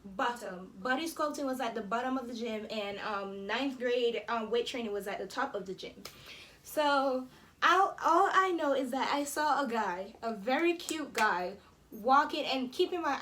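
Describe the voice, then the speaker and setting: With a little noise in the background, this vlogger speaks in a high-leaning, fairly bright voice. She's an eighteen-year-old from Jamaica telling a story to camera in a chatty, casual way, filling it with plenty of "um" and "like."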